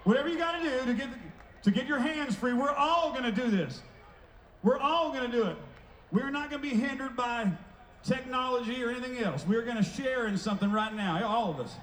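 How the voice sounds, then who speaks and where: A man fronting a band on an outdoor festival stage, talking to the crowd between songs like a showman, loud and playful. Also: extremely high pitch, expressive, fairly quick, a little hiss or hum. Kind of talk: stage banter at a live concert. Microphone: stage microphone through a PA. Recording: echoey live festival PA sound.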